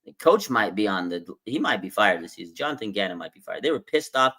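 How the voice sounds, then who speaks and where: A man hosting a live fan stream, talking casually and excitedly in a rambling way about his team's game. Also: lowish voice, quick pace. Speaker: sports fan stream host. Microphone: streaming desk mic.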